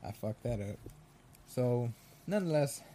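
A man's voice: medium pitch, expressive, a little slow, dark tone, a little hiss or hum. A man ranting casually and sarcastically about movies, swearing and rambling.

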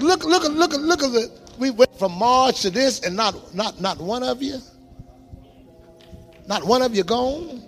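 High-pitched shouting preacher man. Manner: shouting, exhorting the congregation with call-and-response commands. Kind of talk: fiery sermon. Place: church sanctuary.

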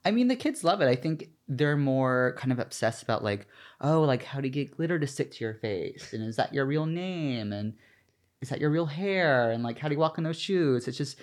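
Chatty, animated man from the American South. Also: medium pitch, normal speed. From Southern United States. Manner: chatty, animated, full of "like" fillers. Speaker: guest, drag performer. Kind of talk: casual interview chat.

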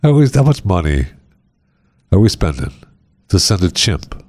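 A man's voice: low-pitched, big pitch swings, a little slow, a little mellow, no echo, studio quality. A man hosting a comedy podcast, reading news stories aloud in a rambling, jokey way and stumbling over words. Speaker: podcast host. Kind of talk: casual comedic news chat.

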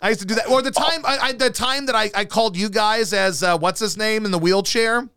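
A man's voice: high voice, a little fast, smooth, dry recording, studio quality. A male radio host telling profane stories in casual podcast chat. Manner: profane, animated storyteller.

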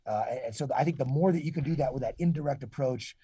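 A man's voice: medium pitch, fast, dark tone, slightly rough, no echo. A man in his forties speaking earnestly as a podcast guest, often restarting and repeating words as he talks. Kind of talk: casual interview talk.

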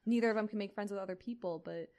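A woman's voice: medium pitch, racing, darkish tone. A young woman co-hosting a podcast, reacting in casual, chatty talk. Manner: chatty reactions, talks with a lot of "like". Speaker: podcast co-host. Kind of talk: casual chat.

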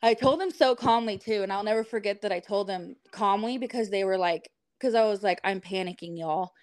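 A woman's voice: mid-range voice, fairly quick, darkish tone, no echo. A woman guest on a podcast, casually telling a story in a chatty way with lots of fillers. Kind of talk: casual chat.

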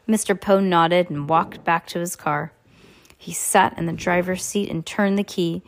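A woman reading a novel aloud in a plain, steady storytelling manner with small slips. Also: on the low side, measured pace. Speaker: audiobook reader.

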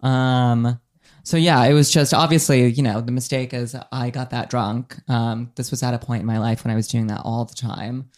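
Young man, casual storyteller, rambling, lots of fillers, mid-pitched voice. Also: steady tone, normal speed, a little mellow. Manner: rambling, full of likes and ums, laughs at himself.

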